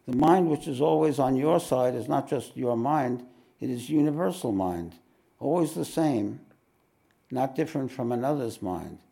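Gravelly New spiritual teacher. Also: male voice, mid-range voice, expressive, unhurried, mellow. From New York. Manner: reflective, with wry joking asides. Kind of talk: live satsang talk with readings. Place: ashram meeting hall.

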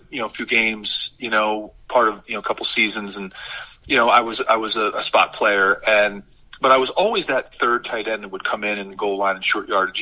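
A man in his fifties with a lowish, hard-edged, forceful voice, spinning lively stories from his playing days. He talks casually, with lots of "you know" fillers and restarts, warming to every anecdote. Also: poor audio. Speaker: former football tight end, guest. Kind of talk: casual interview storytelling.

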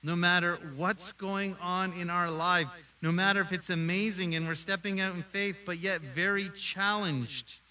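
A middle-aged man preaching a sermon as pastor, animated, acting out quoted voices. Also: sits high, a little slow, hardly any pauses, far from the mic, low-quality recording.

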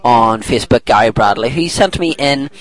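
A man's voice: medium pitch, lively intonation, normal speed, rough recording. A middle-aged man hosting a podcast in casual chat, reading a listener's email aloud and laughing often as he rambles and corrects himself. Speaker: podcast host.

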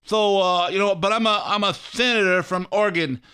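A man's voice: sits high, steady tone, fairly quick, pushed and bright, clear, resonant tone, pitched above the performer's own voice. A man voicing a dopey talking male dog whose tongue is too big for his mouth. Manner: thick-tongued, mushy.

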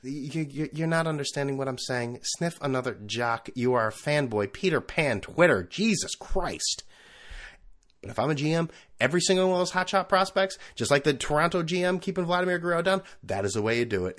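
A man's voice: mid-range voice, fairly bright tone. A man hosting his own podcast, talking alone in a rambling, profane and sarcastic way. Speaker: podcast host. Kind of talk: casual solo chat.

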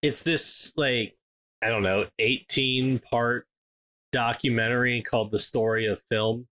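A man co-hosts a podcast in easygoing chat, his voice sitting in a middling pitch. He rambles with many fillers and restarts as he talks. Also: steady tone, measured pace, sharp tone. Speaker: podcast co-host. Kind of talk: casual chat.

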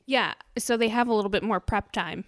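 A woman's voice: medium pitch, brisk, no room sound, studio quality. A woman in casual chat, recapping a TV episode with a friend, laughing often and acting out her reactions. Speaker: podcast co-host recapping a TV episode.

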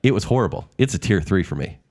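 A man's voice: low-pitched, expressive, quick pace, darkish tone. A man co-hosting a casual chat show, bantering in a teasing, skeptical way. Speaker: podcast co-host.

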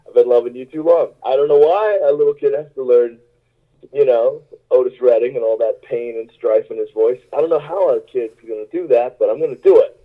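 A man's voice: medium pitch, a little fast. A male musician telling rambling, self-mocking stories in a casual interview, laughing often, over a tinny phone-like line. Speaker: musician guest.

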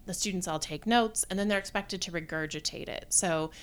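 Woman academic guest, low-ish smooth voice, reflective, unhurried delivery. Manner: thoughtful, measured, frequent um fillers. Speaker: guest, theatre design professor. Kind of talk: conversational podcast interview.

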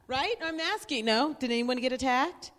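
A woman's voice: high-pitched, animated, normal speed, fairly bright tone. A woman moderating a group discussion, exuberant and cheering, laughing as she talks. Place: mosque prayer hall. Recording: long hall reverb.

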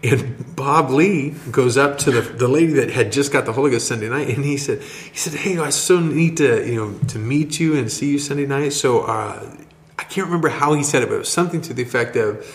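A man co-hosting a podcast, telling a church story in a rambling, halting, excited way. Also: mid-range voice. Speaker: podcast co-host, church member. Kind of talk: casual storytelling chat. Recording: roomy echo.

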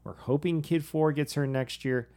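A man's voice: on the high side, fairly even intonation, a little mellow. A man co-hosting a podcast, talking casually, laughing easily and adding side remarks to his partner's stories. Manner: easygoing, quick to laugh, adds caveats. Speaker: podcast co-host, behavioral psychologist and coach. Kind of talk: casual conversational podcast talk.

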